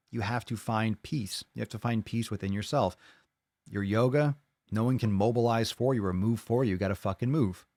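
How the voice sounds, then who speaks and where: A man's voice: on the low side, no room sound. A man hosting a podcast on his own, reading listener posts aloud and reacting to them bluntly, with a lot of profanity and open skepticism. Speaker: podcast host. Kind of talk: casual solo podcast monologue.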